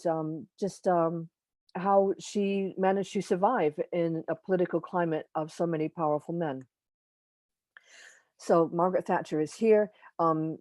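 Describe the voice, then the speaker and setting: A woman giving an informal astrology lecture over a video call. She speaks in a halting way, with frequent pauses, restarts and self-corrections, and adds opinionated asides. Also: lowish voice, a little mellow, no echo. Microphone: computer mic on a video call.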